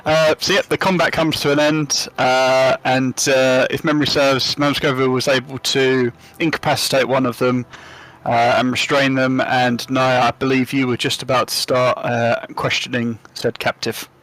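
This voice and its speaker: A man acting as game master, narrating a tabletop game in a relaxed, hesitant way. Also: mid-range voice, normal speed, rough recording. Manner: relaxed, hesitant, many ums.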